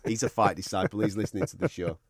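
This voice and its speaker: A man's voice: lowish voice, fast, slightly rough, no room sound. A man co-hosting a podcast, teasing and joking in casual banter. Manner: teasing, animated, jokey. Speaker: podcast co-host.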